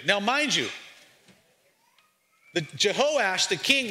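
Energetic preacher man, playful and fired up, bright edge, slightly high pitch. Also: moderate pace. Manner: lively, joking, calls out to the congregation. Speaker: pastor. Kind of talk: energetic sermon. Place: church.

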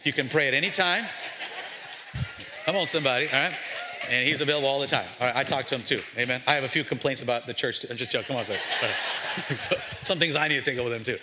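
A man preaching an energetic sermon as pastor, joking and calling out to his congregation in a lively way. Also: a little high, noisy background. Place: church.

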